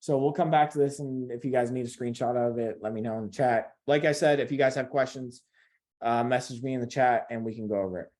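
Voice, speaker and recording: A man's voice: medium pitch, steady tone, fast, a little mellow. A man giving a casual screen-share lesson on trading, talking in a loose, repetitive way and speaking directly to his viewers. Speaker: trading instructor.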